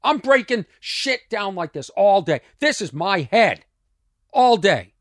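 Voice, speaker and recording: Animated man with a strained voice. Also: high-pitched, slow, no echo, studio quality. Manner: animated, swings from muttering to loud. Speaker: comedian and podcast host. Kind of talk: casual storytelling monologue.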